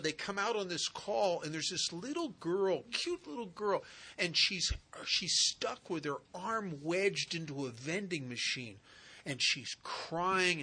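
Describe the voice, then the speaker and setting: A man's voice: fairly high pitch, pushed and bright, breathy edge. A man speaking at a recovery retreat, telling earnest stories in a conversational way. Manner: earnest, conversational with vivid asides. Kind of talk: personal storytelling talk. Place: retreat center talk.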